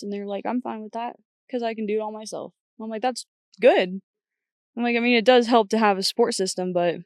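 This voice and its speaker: A woman's voice: medium pitch, a little mellow, dry recording, studio quality. A young woman guest on a podcast, talking bluntly and chattily, often quoting herself. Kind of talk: casual chat.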